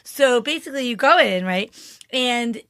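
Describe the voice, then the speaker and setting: A woman's voice: on the high side, animated, moderate pace, fairly bright tone, no echo. A woman co-hosting a casual podcast, giggling often and talking with her hands. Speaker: podcast co-host. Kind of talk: casual chat.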